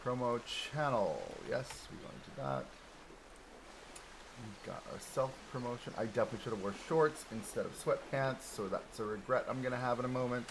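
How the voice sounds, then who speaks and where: A man's voice: medium pitch, fairly quick, hardly any pauses, noisy background. Easygoing man streaming a game. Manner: chatty, easygoing, self-deprecating, laughs often. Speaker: live-streamer host. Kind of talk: casual live-stream chat while playing. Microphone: desk microphone close in front.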